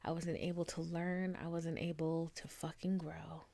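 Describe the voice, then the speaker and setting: A woman's voice: low voice, level tone, moderate pace, vocal fry, dark tone. A young woman hosting her own podcast, talking casually with lots of fillers and an affectionate tone toward listeners. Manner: chatty, frequent fillers, affectionate sign-off. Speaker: podcast host. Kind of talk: casual solo podcast chat.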